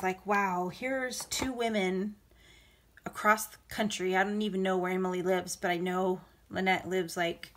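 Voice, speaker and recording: A woman chatting casually while crafting, rambling with many fillers and restarts, getting emotional and breaking into laughs. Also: medium pitch. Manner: emotional, laughing between words. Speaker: crafting vlogger.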